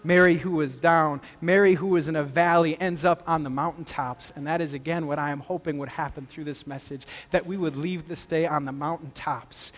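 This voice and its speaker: A man preaching a sermon as pastor, talking conversationally and swinging between loud emphasis and quiet moments. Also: fairly high pitch, fairly even intonation, a little fast, hardly any pauses. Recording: long hall reverb with faint music.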